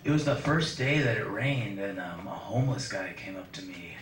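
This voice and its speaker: A young man doing a stand-up set in a small comedy café, with a deadpan, slow and awkward delivery. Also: on the low side, a little hiss or hum. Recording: roomy club sound from far off, audience.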